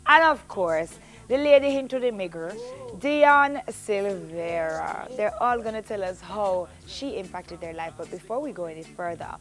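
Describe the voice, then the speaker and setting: A woman's voice: mid-range voice, animated, moderate pace, hardly any pauses, faint music behind. A woman hosting a TV morning show and introducing her guests.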